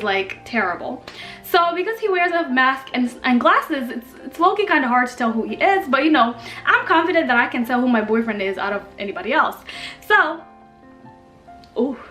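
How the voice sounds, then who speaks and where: A young woman from Kenya telling a story in a casual, animated, slangy and self-mocking way. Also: high-pitched. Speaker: vlogger. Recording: echoey room with faint music.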